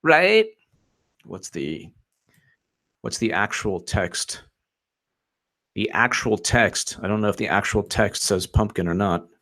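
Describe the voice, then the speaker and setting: A man's voice: lowish voice, unhurried, long pauses, sharp tone. Rambling sarcastic male commentator. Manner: rambling, sarcastic, mocks quotes in put-on voices. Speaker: political commentator. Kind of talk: livestreamed commentary.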